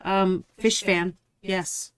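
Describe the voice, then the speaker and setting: A woman's voice: mid-range voice, fairly even intonation, very slow, a bit bright, clean tone. A woman co-hosting a live painting stream, chatting casually and joking, swearing freely.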